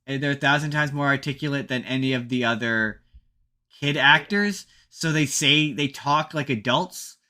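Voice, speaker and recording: Man, podcast co-host, bright forceful tone, rambling casual chat, frequent restarts. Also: medium pitch, normal speed.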